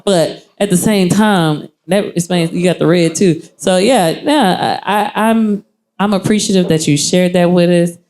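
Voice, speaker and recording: Animated Texan woman hosting an open mic. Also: fairly low pitch, a little slow. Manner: animated, acts out voices in quotes, slangy. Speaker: host of a poetry open mic. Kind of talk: live feedback to a performer. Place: live poetry event venue.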